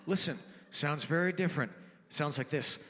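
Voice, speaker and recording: A man in his forties performing a stand-up comedy set, telling loud, animated stories and breaking into sudden high yelps. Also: normal speed, big-room sound, heavy background noise. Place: theater stage before a live audience.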